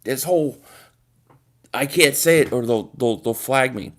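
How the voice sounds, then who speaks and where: A man hosting a casual sports livestream, talking straight to viewers, animated and swearing freely. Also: mid-range voice, measured pace. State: groggy from a nap. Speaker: livestream host reading chat.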